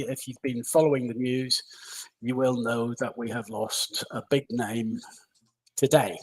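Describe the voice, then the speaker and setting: Husky man reading a music news list. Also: medium pitch, low-quality recording. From United Kingdom. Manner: steady list-reading with small asides. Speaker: live stream co-host. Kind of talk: reading a list of deaths and birthdays.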